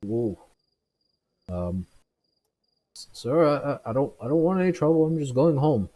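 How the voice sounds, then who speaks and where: A man's voice: on the low side, a little slow, dark tone. A man voicing a short, balding drunk who stammers and slurs politely. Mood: nervous.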